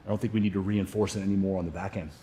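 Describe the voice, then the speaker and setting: A man's voice: deep voice, rapid-fire. Chill guy running a gym livestream, easygoing, explains moves, bit of hum behind him. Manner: relaxed, loose, joking asides. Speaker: fitness coach hosting livestream. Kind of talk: casual explaining workout, answering chat.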